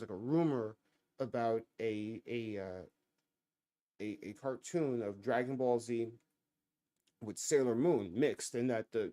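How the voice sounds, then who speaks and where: A man's voice: medium pitch, warm tone, no room sound. A man in his thirties hosting a live stream, talking casually in loose, profane rambles with many fillers and restarts.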